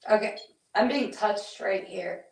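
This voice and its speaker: A woman working as a psychic medium, relaying what she hears in halting, hesitant bursts with many restarts. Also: mid-range voice, gravelly. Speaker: psychic medium on a paranormal investigation. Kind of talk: live on-site spirit readings. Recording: echoey room, voice from a distance.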